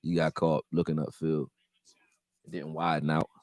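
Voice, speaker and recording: A man hosting a live stream, chatting loosely with slang and getting loud and heated when reacting to plays. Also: very deep voice, level tone, normal speed, no echo. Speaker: livestream host reacting to a football game. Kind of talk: casual live commentary chat.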